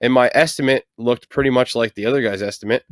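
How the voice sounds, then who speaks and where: A man's voice: medium pitch, quick pace, dry recording, studio quality. A man hosting a podcast in casual conversation, thinking aloud about how contractors present themselves. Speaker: podcast host, painting contractor.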